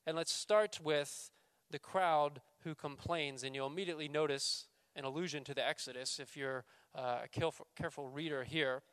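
A male pastor preaching a sermon, raising his voice for scripture quotes and dropping low and quiet for emphasis. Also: steady tone, moderate pace, clear, resonant tone, no room sound. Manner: reads scripture quotes with raised voice, then drops to quiet emphasis.

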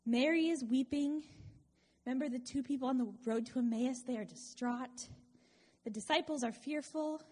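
Breathy woman preaching in a reverberant hall. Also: high-pitched, normal speed, darkish tone. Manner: conversational, earnest, wry asides. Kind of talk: sermon.

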